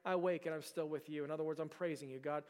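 Earnest preacher with a smooth voice in a reverberant hall. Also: male voice, a little high, fairly even intonation, fast talker, darkish tone. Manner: earnest storytelling with repeated words and restarts. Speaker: pastor. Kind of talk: sermon.

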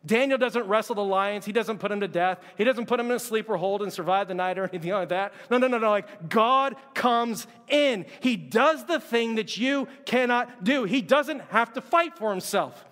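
High-voiced preacher in a reverberant hall. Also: male voice, moderate pace, few pauses. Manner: conversational, animated, acts out quotes. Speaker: pastor. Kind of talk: sermon.

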